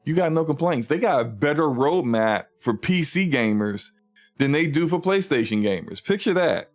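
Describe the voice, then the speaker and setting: A man hosting a casual gaming livestream, ranting in an animated, mocking way and reading out chat comments. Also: on the high side, normal speed, faint music behind. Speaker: livestream host.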